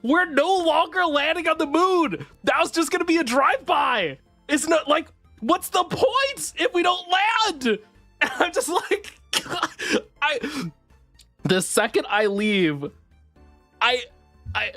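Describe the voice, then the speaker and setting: A woman chatting casually with viewers on a livestream, swinging between squealing excitement and low mumbles, swearing now and then. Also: no room sound.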